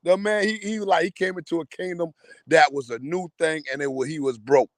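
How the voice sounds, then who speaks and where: A man's voice: fairly high pitch, steady tone, fairly quick, dry recording. A man co-hosting a casual group discussion, talking in a rambling, slangy way and often repeating words. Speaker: podcast co-host.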